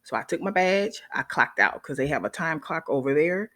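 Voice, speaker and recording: Lively woman telling a work story. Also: low voice, moderate pace. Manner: animated, often checks in with "okay?" and addresses viewers as "y'all". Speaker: nurse. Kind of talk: casual storytelling to viewers.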